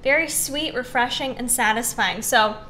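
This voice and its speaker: A woman's voice: on the high side, normal speed, pushed and bright, slight background noise. A young woman hosting a casual recipe demonstration, chatty and upbeat, with lots of "um" and "like". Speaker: fitness recipe host.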